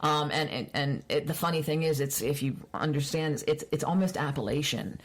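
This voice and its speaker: A woman's voice: low-pitched, a little fast. A woman from Baltimore, a music journalist and podcast guest, chatting and reminiscing in a casual way with frequent restarts. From Baltimore, Maryland. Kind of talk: casual conversation.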